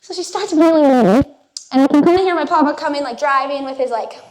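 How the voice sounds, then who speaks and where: A woman's voice: sits high, fairly quick, darkish tone. A young woman giving a youth sermon, telling a personal story in a casual way and acting out what people said. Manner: casual storytelling, acts out quotes. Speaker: youth speaker. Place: church youth room. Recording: echoey room.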